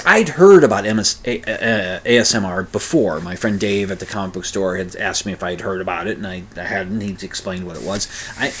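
A man's voice: on the low side, fairly bright tone, breathy edge. A man in his fifties hosting a solo podcast, rambling and grumbling with self-deprecating asides and mild swearing. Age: 50s. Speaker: podcast host. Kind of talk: casual solo podcast monologue.

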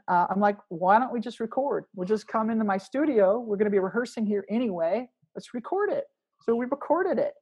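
Woman, musician guest, husky voice, casual rambling interview talk. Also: mid-range voice, darkish tone. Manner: rambling, many restarts, thinking aloud.

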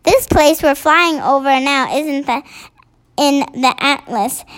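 A woman reading aloud the lines of a fearless young male pilot from a storybook, slowly and haltingly. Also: high voice, a bit bright. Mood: cheerful. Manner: slow, halting read-aloud.

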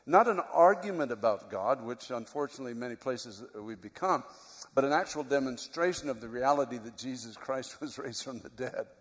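A man's voice: mid-range voice, expressive, brisk. A middle-aged man preaching a sermon as a pastor, telling a story in an earnest, emotional way. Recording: long hall reverb.

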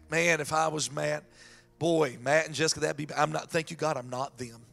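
A man preaching a sermon as pastor, animated, acting out the voices of people in the scripture story. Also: fairly high pitch, normal speed, creaky, soft background music.

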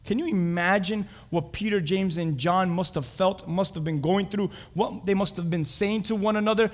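A man preaching a sermon, animated, acting out scenes and asking the congregation questions, in a reverberant hall. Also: sits high, moderate pace, hardly any pauses.

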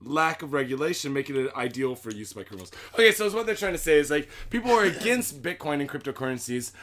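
A man's voice: on the high side, sing-song, fast talker, fairly bright tone. A young man co-hosting a casual podcast, laid-back and swearing freely as he reads out news stories and jokes around. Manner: swears a lot, laid-back, laughs easily. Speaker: podcast co-host. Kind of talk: casual podcast banter, reading news aloud.

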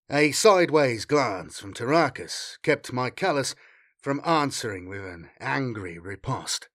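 A man reading a war story aloud in a dramatic, expressive way as an audiobook narrator. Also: medium pitch, unhurried. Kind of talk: scripted narration.

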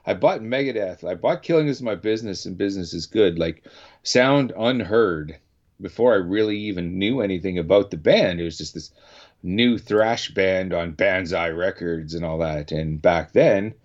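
A man's voice: deep voice, moderate pace. A Canadian man hosting a radio show, chatting casually and rambling with many restarts. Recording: dull lo-fi sound.

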